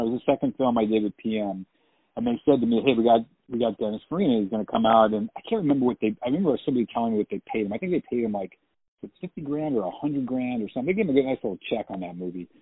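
A man's voice: mid-range voice, lively intonation, racing, slightly rough. A man spins stories from his film work over a telephone line that sounds thin and tinny. He talks in a chatty, easygoing way and laughs often. The line is dry, with no room echo. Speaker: actor, interview guest. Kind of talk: phone interview, anecdotes.

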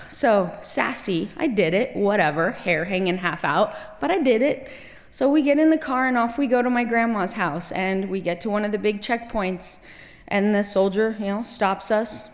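A middle-aged woman from Kuwait telling a personal story on stage, wry and lively, laughing at herself, then quiet and grave. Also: lowish voice, normal speed. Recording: long hall reverb.

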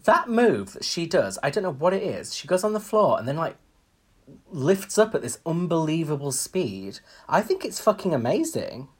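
A man's voice: fairly high pitch, big pitch swings, normal speed, breathy edge. Chatty opinionated man. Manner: chatty, opinionated, frequent ums. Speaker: podcast co-host. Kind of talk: casual chat.

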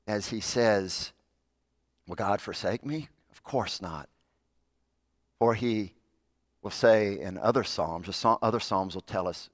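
A man preaching a sermon as a Methodist pastor, telling stories earnestly, building up and then dropping soft. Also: on the low side, dry recording, studio quality. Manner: earnest storytelling, swells louder in stories then drops soft.

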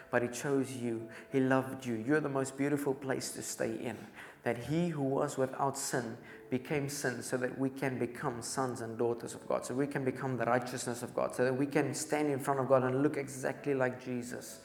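A man's voice: mid-range voice, steady tone, moderate pace, creaky, hardly any pauses. A man preaching a sermon in a church, telling a story with urgency and repeated phrases. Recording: echoey church hall.

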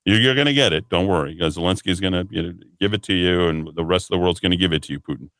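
A man's voice: low voice, very fast, fairly bright tone, no echo, studio quality. A man hosting a political talk radio show, delivering an emphatic, sarcastic monologue.

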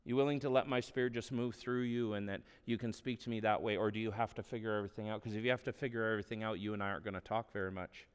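A man's voice: lowish voice, fairly even intonation, rapid-fire, few pauses, clean tone, in a large hall. A man preaching a sermon as a pastor, earnest and conversational, with offhand asides. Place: church hall.

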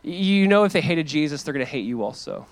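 Pastor, male, earnest preaching, slightly high voice, dry close sound. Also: very animated, fast talker, no room sound. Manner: earnest, emphatic preaching with casual asides. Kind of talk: sermon.

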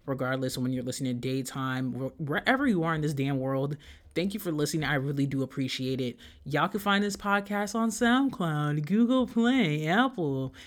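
Fired-up young podcaster, swears constantly, lectures the audience head-on. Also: medium pitch. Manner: profane, heated ranting; direct address to listeners. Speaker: podcast host. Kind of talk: solo podcast rant.

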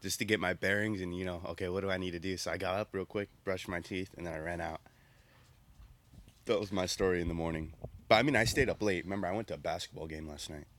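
A young man with a fairly low voice tells a story among friends. He talks in a relaxed, animated way and acts out what everyone said. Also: fast talker. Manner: animated, acts out quoted dialogue. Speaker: podcast co-host.

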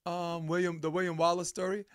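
A man hosting a podcast in casual chat, playful and quick to laugh. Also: high-pitched, clear, resonant tone. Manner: laughs often, playful and lively. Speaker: podcast host.

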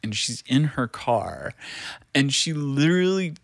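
A man's voice: medium pitch, very animated, measured pace, creaky, no echo, studio quality. A man in his thirties telling a rambling story, full of fillers, swearing and laughter. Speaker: show creator. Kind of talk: casual storytelling.

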